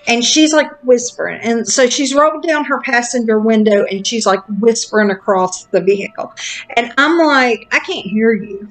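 A woman telling a story in a casual, frank, animated chat, with lots of fillers. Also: a little high, moderate pace, soft background music.

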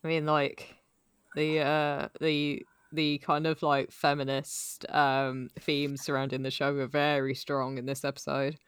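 A woman's voice: low-pitched, level tone, measured pace, clear, resonant tone, no room sound. A woman chatting casually on a podcast, joking and laughing often. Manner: laughs often, wry jokes. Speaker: podcast co-host. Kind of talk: casual chat.

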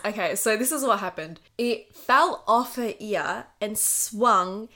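This is a young woman with an Australian accent, chatting on a podcast. Her voice is raspy after a late night. She tells stories in a sweary, lively way. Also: medium pitch, moderate pace. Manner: sweary, animated storytelling. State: raspy, just woken up. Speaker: podcast co-host. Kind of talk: casual storytelling chat.

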